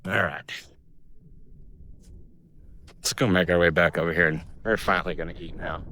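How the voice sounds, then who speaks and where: There's slight background noise as a man with a low-pitched, pushed and bright voice talks at normal speed with fairly even intonation. Filming himself on a summit with a handheld camera, the travel vlogger rambles jokily, amazed by the view.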